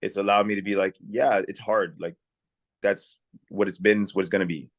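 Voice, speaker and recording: This is a young adult man, an actor appearing as an interview guest, with a lowish voice and a brisk pace on a dry recording. He tells stories in a casual, relaxed way, peppered with "like" and plenty of restarts.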